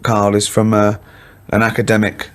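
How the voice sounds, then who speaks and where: A man's voice: on the low side, completely flat delivery, moderate pace. A man hosting a podcast, chatting casually and teasing his co-hosts. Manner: teasing, laughs loudly at stories. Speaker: podcast host. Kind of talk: casual chat.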